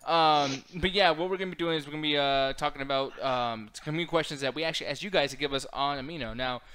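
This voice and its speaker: Bright-voiced laughing male podcast host. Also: fairly high pitch, fast talker, smooth. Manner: laughs often, swears casually. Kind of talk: casual podcast chat.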